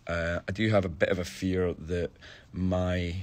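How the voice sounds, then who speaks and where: Deep-voiced Scottish man chatting casually. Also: flat delivery, unhurried. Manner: chatty, thinks aloud with restarts. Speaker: stage actor answering fan questions. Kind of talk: casual live-stream chat. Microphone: phone live-stream.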